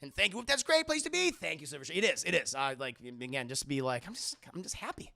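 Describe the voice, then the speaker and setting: Give me an animated male streamer chatting casually, with a slightly high, gravelly voice. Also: quick pace. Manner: animated, effusive, thanks chat by name. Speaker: streamer reviewing a film. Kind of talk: casual live-stream chat.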